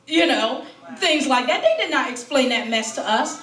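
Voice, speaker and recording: A woman's voice: sits high, sing-song, moderate pace, few pauses, bright, forceful tone, far from the mic. A middle-aged woman, a grieving mother, giving impassioned public testimony at a town hall, emphatic and full of rhetorical questions. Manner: emphatic, rhetorical questions, quotes opponents mockingly. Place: town hall meeting room. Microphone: distant room mic. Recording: echoey hall, speaker heard from afar. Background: faint crowd murmur.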